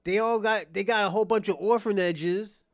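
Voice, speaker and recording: This man's voice sits high and stays steady at a moderate pace, recorded dry in studio quality. As a livestream host, he rants at chat mockingly and provocatively, cursing, repeating himself and restarting phrases.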